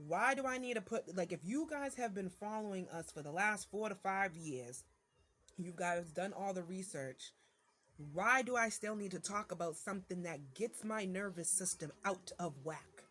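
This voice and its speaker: A woman's voice: mid-range voice, normal speed, fairly bright tone. A mother venting to her viewers in a casual monologue, irritated and ranting, with many fillers and restarts.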